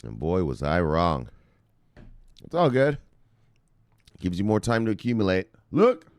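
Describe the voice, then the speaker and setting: A man hosting a crypto news show, talking casually and brashly to his viewers, swearing often and reading out viewer shout-outs. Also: sits low, huge pitch swings, measured pace, no echo. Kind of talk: casual profane market commentary to viewers.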